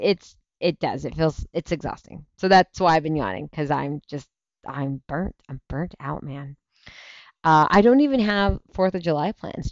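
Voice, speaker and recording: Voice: medium pitch, no echo. A worn-out parent chats loosely with a livestream audience, drifting from topic to topic and cutting off their own sentences. The sound is dry and a little dull, like lo-fi stream audio. Laughs come easily between the restarts. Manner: rambling, chatty, self-interrupting, laughs easily. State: tired, yawning. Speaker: livestream show host; parent of young kids. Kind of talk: casual livestream chat answering viewer comments.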